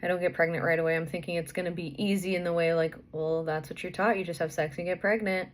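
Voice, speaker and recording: A woman's voice: lowish voice, steady tone, fast. Breathless young woman telling her story. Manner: chatty, rambling with fillers and restarts. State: out of breath, pregnant. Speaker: vlogger. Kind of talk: casual personal storytelling.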